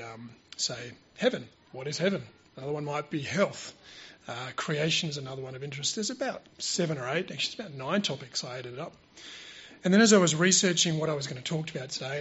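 A man's voice: a little high, a bit bright, slightly rough, muffled recording. Hesitant man speaking at church. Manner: informal, hesitant with fillers and restarts. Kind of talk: church presentation. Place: church hall. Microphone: handheld microphone held close.

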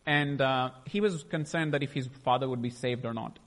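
A man's voice: mid-range voice, normal speed, fairly bright tone, big-room sound. A young man sharing a personal faith testimony, emotional and rambling, often stopping to restart his sentences. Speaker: testimony speaker.

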